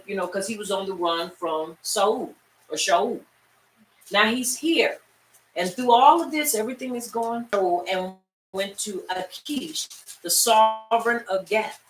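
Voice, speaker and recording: A Bible class teacher with a bright, mid-range voice teaches scripture at a measured pace, telling stories in a lively way and speaking straight to the class. The animated lesson is recorded in an echoey room, far from the mic.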